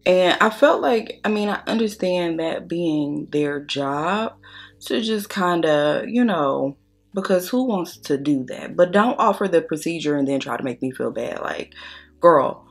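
Doing her makeup on camera, a young woman beauty vlogger shares a blunt, foul-mouthed story with her viewers. Her voice sits fairly low with vocal fry, and she talks in an animated, slightly slow way, chatting to "y'all."

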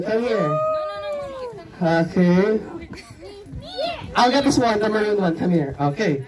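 A woman hosting a children's game at a film premiere, coaxing kids up and counting aloud. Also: on the high side. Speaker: event host. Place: film premiere event venue.

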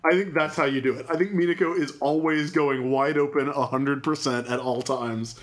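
A man's voice: mid-range voice, fairly even intonation. A man co-hosting a podcast, chatting loosely about a cartoon episode and acting out its lines for laughs. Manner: joking, rambling, quick to act out lines. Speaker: podcast co-host. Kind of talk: casual chat recapping a cartoon episode.

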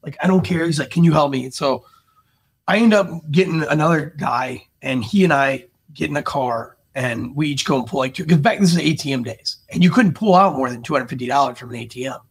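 A man's voice: a little fast, slightly rough. A man, an army veteran and podcast co-host, telling stories in casual chat and acting out the quotes with big jumps in voice. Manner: animated, acts out quotes with big jumps in pitch.

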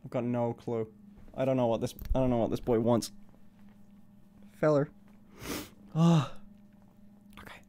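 A man streaming live, chatting casually and cooing to his puppy in a high, doting voice. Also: a little slow, long pauses, dark tone, a little hiss or hum. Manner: coos to a puppy in a high baby voice.

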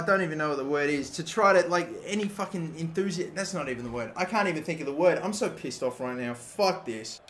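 A man giving live gameplay commentary, excitable and swearing often, with loud outbursts at the game. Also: fairly high pitch, fast, few pauses, a little hiss or hum. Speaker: gaming YouTuber.

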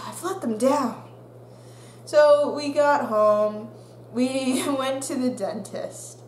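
An animated young woman tells a story slowly, laughing and acting out the voices of the people in it. Her voice sits a little high. The room is roomy and echoey, with a faint hum behind her. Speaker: vlogger. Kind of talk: storytime vlog.

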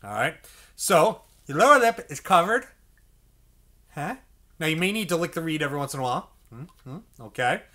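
A man's voice: on the high side, very animated, normal speed, bright, forceful tone. A man teaching saxophone, explaining step by step, checking in often with "okay?" and acting out the mouth sounds. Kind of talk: instructional music lesson.

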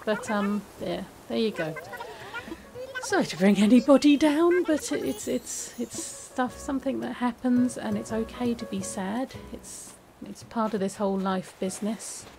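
A woman chatting casually while playing a game, with many restarts and a soft, hesitant way of talking. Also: a little high, unhurried, gravelly, music in the background, poor audio. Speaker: gaming video creator. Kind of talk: casual gameplay commentary.

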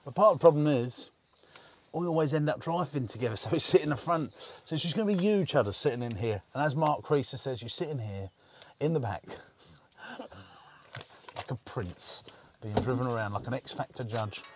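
A man's voice: medium pitch, expressive, quick pace, highs cut off, background noise. A man from the UK talking casually to the camera in a vlog, joking and teasing as he goes. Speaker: business owner vlogging.

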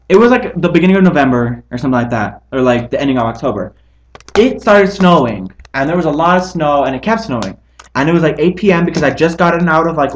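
A teenage boy hosting a casual chat show, telling stories in an animated way. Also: on the high side. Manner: fast, animated storyteller. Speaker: podcast host.

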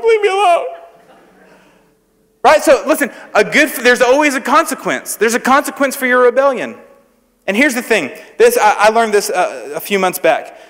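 Youth preacher, young man, high voice, chatty and joking with students, church hall with a long echo. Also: a bit bright. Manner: conversational, humorous, asks the crowd questions. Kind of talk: sermon to students. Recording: echoey hall with long reverb.

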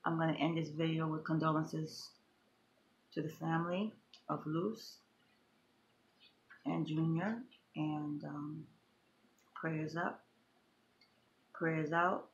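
A woman's voice: low voice, fairly even intonation, slow pace, pauses often, a little hiss or hum. A middle-aged woman vlogging emotionally, talking in an impassioned, repetitive, grieving way. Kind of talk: emotional personal vlog.

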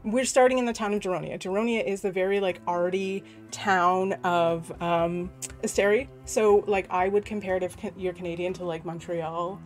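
A woman running a tabletop game over a video call, chatting casually, laughing often and slipping in quick apologies. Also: on the low side, steady tone, faint music behind. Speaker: game master. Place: online group video call. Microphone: home computer mic on a video call.

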